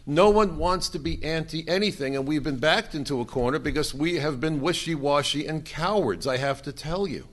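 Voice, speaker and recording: A man's voice: a little high, normal speed, hardly any pauses, fairly bright tone. Older man giving an emphatic conference talk. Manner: emphatic, rhetorical questions to the audience. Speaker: conference speaker, former immigration agent. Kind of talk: conference speech to a live audience. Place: conference room.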